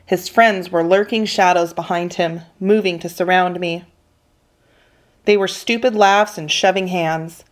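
A woman teacher reading a children's novel aloud with steady, expressive storytelling. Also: on the low side. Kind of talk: children's book read-aloud.

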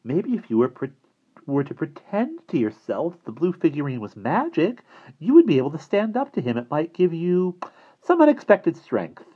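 A man voicing a small, soft-spoken, persuasive older man who talks in a purring, coaxing way. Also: moderate pace, slightly rough, highs cut off, full character voice. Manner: purring, coaxing, high and animated.

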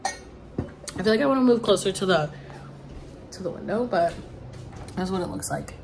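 A woman's voice: mid-range voice, lively intonation, normal speed, creaky, background noise. A young woman telling a story to her own camera indoors near a window, chatty and profane, full of "like" and playful voiced quotes. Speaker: vlogger.

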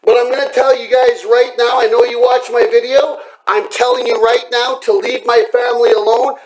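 High-voiced furious man ranting. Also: level tone, moderate pace, rough recording. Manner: furious, profane, threatening. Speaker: vlogger. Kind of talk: angry rant to camera. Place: home at night.

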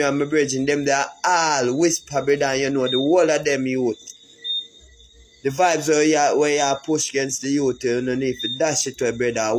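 A man's voice: medium pitch, a little hiss or hum, poor audio. Jamaican man scolding heatedly. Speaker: artist calling out a fellow artist. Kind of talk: social media rant.

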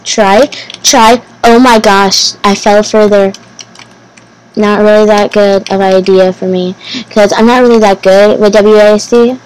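A woman giving casual gameplay commentary as host of her channel, talking to herself nervously, repeating phrases and bursting into excited exclamations. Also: medium pitch, measured pace, smooth, rough recording. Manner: nervous, anxious self-talk, repeating phrases.

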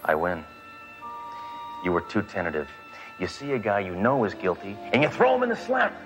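An actor playing a brash, cocksure male police detective, deadpan in 1980s TV comedy style. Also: deep voice, normal speed, music in the background. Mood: cocky.

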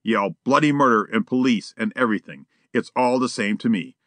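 A man's voice: mid-range voice, brisk, no room sound. A man narrating an audiobook, doing a blunt, rambling crook in casual street talk. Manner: expressive, character-driven reading. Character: blunt small-time crook, gruff and rambling. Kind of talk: scripted narration.

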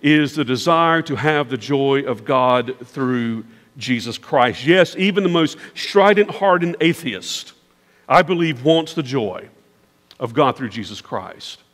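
A man's voice: medium pitch, lively intonation, takes it slowly, a bit bright. A man preaching a sermon as pastor, with an emphatic, repetitive preaching cadence. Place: large church sanctuary. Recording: long church reverb.

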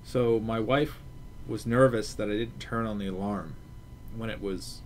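Low-voiced man in casual podcast chat. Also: fairly even intonation, a little slow, slight background noise. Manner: rambling, hesitant restarts, chuckling. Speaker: podcast co-host.

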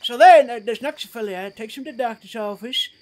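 A woman playing a blunt, stubborn frontier woman in a western role-play game, rambling in rough, ungrammatical talk as a witness. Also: a little high, fast, a little mellow, lightly acted. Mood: indignant.

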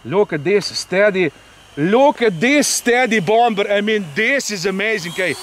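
A high-pitched man talks in a swooping, animated way while piloting a model jet in an open field. He exclaims, repeats words and ends lines with "eh?". Faint outdoor noise sits behind him. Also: unhurried. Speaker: RC pilot and channel host. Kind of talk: excited outdoor flying commentary.

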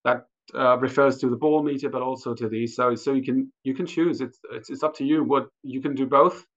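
A man explaining a measuring device in a hesitant, careful way, pausing often as he searches for words. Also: mid-range voice, fairly even intonation. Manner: hesitant, many fillers and restarts. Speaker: product expert. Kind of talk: technical explanation. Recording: dull lo-fi sound.

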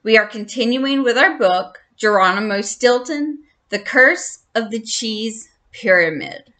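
Storyteller: woman reading a children's book, slow and bright, friendly. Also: fairly high pitch, expressive.

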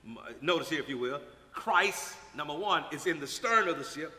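Male preacher with a bright, lively voice. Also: on the high side, normal speed. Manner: dramatic swings from quiet to shouted emphasis. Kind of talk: sermon. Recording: echoey hall with long reverb.

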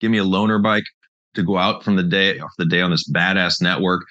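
A man's voice: low voice, little pitch movement, fairly quick, pushed and bright, dry recording, lo-fi sound. A man hosting a casual chat, telling rambling stories and laughing often. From British Columbia, Canada. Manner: laid-back rambling storyteller, laughs often. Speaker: show host.

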